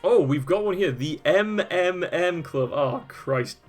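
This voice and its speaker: Faint music sits behind this man's animated, somewhat high voice, which moves a little slowly. As host of a video, he reads old web pages out loud and talks them over with casual amusement, often laughing and cursing.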